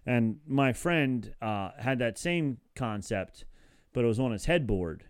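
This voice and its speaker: Smooth-voiced man chatting casually. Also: mid-range voice, expressive, a little slow, no room sound, studio quality. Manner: chatty, laughs often, acts out quotes. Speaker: podcast co-host. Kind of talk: casual chat.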